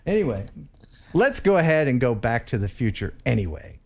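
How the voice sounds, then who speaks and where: A man's voice: medium pitch, very animated, normal speed. A man hosting a casual live stream who laughs often and reads viewer messages aloud. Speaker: host.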